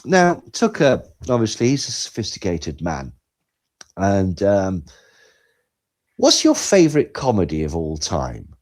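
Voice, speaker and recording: A man co-hosting a podcast, talking in animated, sarcastic commentary that swings between loud and quiet. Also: low voice, measured pace. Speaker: podcast co-host. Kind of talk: casual commentary chat.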